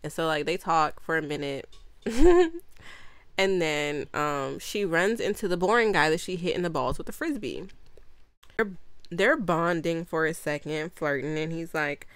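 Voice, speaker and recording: Chatty young woman with a low voice. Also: animated, measured pace, smooth, dry recording. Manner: chatty, lots of "like" fillers, frequent laughter, blunt swearing. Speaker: movie reviewer. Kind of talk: casual rambling recap.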